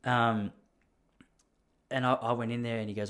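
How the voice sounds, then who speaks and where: Australian man, podcast host, casual rambling storytelling, self-deprecating, mid-pitched voice. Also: little pitch movement, moderate pace, a bit bright. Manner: rambling, self-deprecating, often breaks into laughter.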